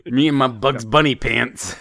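A man in casual chat, teasing his co-host with quick jokes. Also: mid-range voice, creaky, fairly bright tone, dry recording, clean studio sound.

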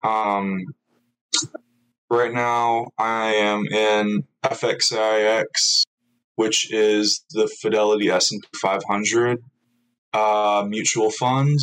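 A man's voice: fairly low pitch, little pitch movement, takes it slowly, a bit bright, smooth, poor audio. A young man chatting casually in an interview, rambling and self-mocking, filling gaps with ums and little laughs.

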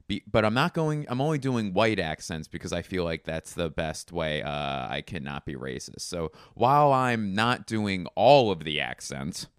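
A man hosting a comedy podcast, rambling through deadpan absurd asides. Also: sits low, normal speed, few pauses, clear, resonant tone, dry recording, clean studio sound. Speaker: podcast host.

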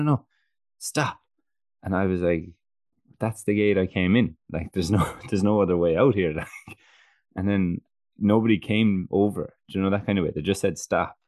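A man's voice: deep voice, a little mellow, dry recording, clean studio sound. A man with an Irish accent, co-hosting a casual rugby podcast and telling stories with frequent laughs and casual swearing. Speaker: podcast co-host. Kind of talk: casual chat.

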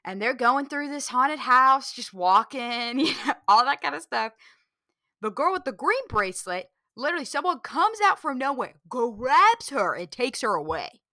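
A woman's voice: high voice, normal speed, no echo, clean studio sound. A woman co-hosting a casual chat podcast, telling stories and acting out voices. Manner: animated storyteller, acts out voices in anecdotes. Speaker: podcast co-host.

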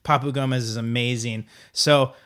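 A man's voice: medium pitch, steady tone, normal speed, a bit bright, smooth. A man co-hosting a casual sports podcast, joking and rambling with lots of fillers. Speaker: podcast co-host.

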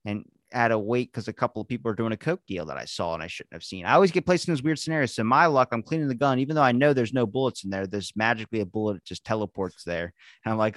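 A man's voice: medium pitch, rapid-fire, few pauses, fairly bright tone, no echo, studio quality. Rambling, crude-joking male podcast host. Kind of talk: casual podcast chat.

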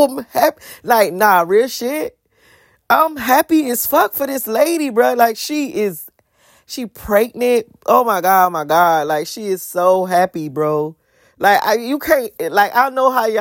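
A young woman in her twenties talking in a casual, rambling, profane way, animated and sometimes breaking into song. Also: medium pitch, no room sound, clean studio sound. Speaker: vlogger.

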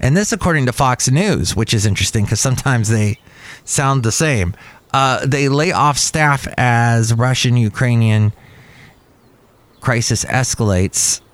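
A man hosting a podcast, musing over the news in casual chat with lively asides. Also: mid-range voice, measured pace. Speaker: podcast host.

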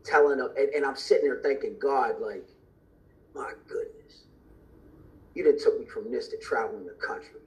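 A man's voice: mid-range voice, quick pace, hardly any pauses, poor audio. A man guesting on a podcast, candidly and earnestly telling a personal story with emotion.

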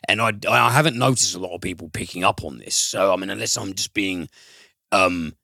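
A man's voice: low-pitched, brisk, creaky, pushed and bright, no echo. A man reviewing a film in casual chat, rambling and profane, with frequent fillers and restarts.

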